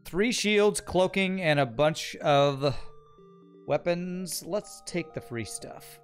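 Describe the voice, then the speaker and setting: A man's voice: on the high side, expressive, slow, clear, resonant tone, faint music behind. Chatty male game streamer. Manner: chatty, rambling, thinks aloud. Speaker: streamer playing a strategy game. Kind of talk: casual gameplay commentary, reading chat.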